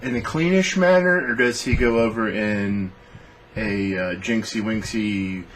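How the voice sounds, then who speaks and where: A man's voice: lowish voice, unhurried, slight background noise, low-quality recording. Profane rambling man on a rant. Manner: rambling, profane, animated storytelling. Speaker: podcast host. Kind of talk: casual rant on fantasy booking.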